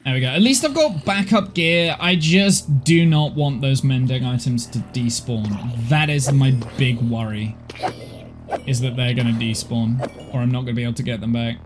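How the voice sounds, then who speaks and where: A man's voice: mid-range voice, moderate pace. Male streamer, tired, chatty and apologetic, rambling with restarts, music faintly in the background. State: tired, overheated. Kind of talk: casual live-stream gaming chat. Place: home office.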